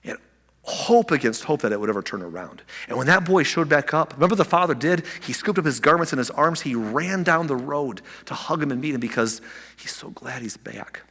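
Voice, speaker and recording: A man preaching a sermon as pastor, animated, acting out the people in the story with big swings in loudness. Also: fairly high pitch, a little fast, big-room sound.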